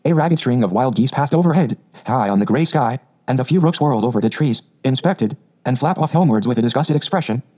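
A hearty, fearless otter from a storybook, chatting away cheerfully, as a man puts him on. The voice is warm and mellow, and the recording is somewhat dull. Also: medium pitch, lively intonation, quick pace, hardly any pauses, natural voice. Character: hearty, bold male otter, cheerful adventurer.

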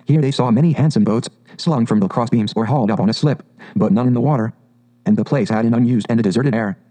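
A man's voice: mid-range voice, fast talker, warm tone, low-quality recording. Man reading a storybook aloud. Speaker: narrator. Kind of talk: audiobook narration.

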